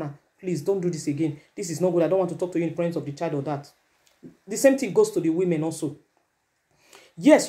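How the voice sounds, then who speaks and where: A woman with a Nigerian accent giving a forceful, lecturing advice monologue as a vlogger, slipping into Pidgin. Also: mid-range voice.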